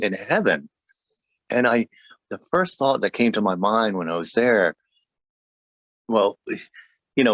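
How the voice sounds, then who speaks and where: A man with a fairly low voice shares his testimony as a pastor in a relaxed conversation. He jokes and laughs easily, and his sentences often stall and restart. The sound is dry, with no room echo. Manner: halting, with many restarts.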